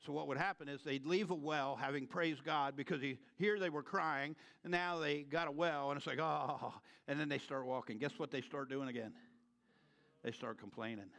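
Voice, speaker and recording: A man's voice: mid-range voice, fairly even intonation, moderate pace, gravelly, fairly bright tone. A male pastor preaching in a church. He speaks in a loose, conversational way, then rises into fervent emphasis. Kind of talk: sermon. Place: church sanctuary.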